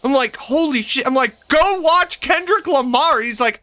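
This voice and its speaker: A man in his thirties hosting a game stream, his talk casual and full of cursing and laughter. His voice sits high and swings widely, with a very bright, sharp edge. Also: normal speed. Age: 30s. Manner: animated, profane, laughs often. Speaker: streamer host. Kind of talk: casual chat while gaming.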